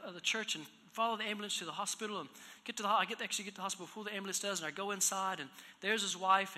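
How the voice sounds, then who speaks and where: A man preaching in a church, telling a personal story, moving from hushed, low passages to loud, raised exhortation. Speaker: pastor. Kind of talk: storytelling sermon. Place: church hall. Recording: echoey hall reverb.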